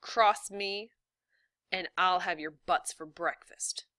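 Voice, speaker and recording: A woman voicing a stern middle-aged male school official who gives slow, pointed warnings in a read-aloud story. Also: lowish voice, sharp tone, no echo, studio quality.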